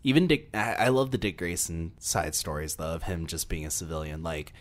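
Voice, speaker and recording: A man with a very low, deep voice chats loosely on a podcast. He rambles and drifts off track mid-sentence. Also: brisk. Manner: rambling, gets sidetracked mid-thought. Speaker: podcast co-host. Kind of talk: casual chat.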